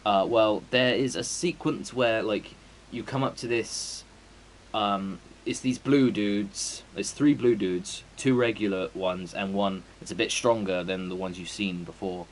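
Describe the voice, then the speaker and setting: A man's voice: on the low side, steady tone, unhurried, a little hiss or hum, rough recording. A man, streaming a game and chatting casually in a rambling, sweary way full of fillers. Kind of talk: casual chat before a stream.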